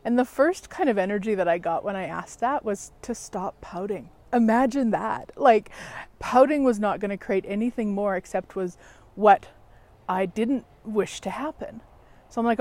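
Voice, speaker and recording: A woman telling a story in a chatty, animated vlog from outdoors in a backyard, laughing at herself as she goes. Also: medium pitch, normal speed. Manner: chatty, animated, self-mocking. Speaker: facilitator and show host.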